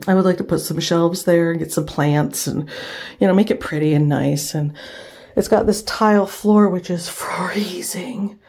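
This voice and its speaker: A woman chatting casually in a home vlog, relaxed and talkative, sometimes cooing to her dog. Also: fairly low pitch, moderate pace, vocal fry. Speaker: vlogger. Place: home, indoors.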